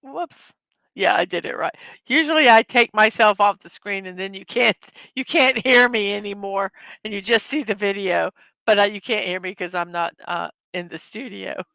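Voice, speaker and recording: A woman's voice: mid-range voice, moderate pace, creaky, bright, forceful tone, no room sound. A woman hosting a casual morning livestream, chatting loosely, laughing easily at her own jokes and correcting herself mid-sentence. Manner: rambling, self-correcting. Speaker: livestream host.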